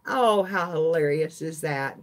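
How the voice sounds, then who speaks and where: A woman's voice: sits low, unhurried. An older woman, hosting a casual live stream chat, chatty and laughing often as she talks to her viewers. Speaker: craft channel host.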